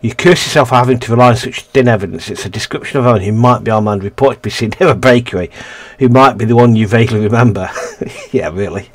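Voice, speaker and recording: A man's voice: medium pitch, fast. A man casually reading a narrative game's text aloud and commenting, often stumbling and correcting himself. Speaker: let's-play gamer.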